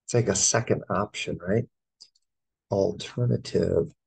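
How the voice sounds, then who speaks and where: Slow, gravelly American male English teacher. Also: fairly low pitch, low-quality recording. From United States. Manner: slow, spells words letter by letter. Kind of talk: spelling out test answers.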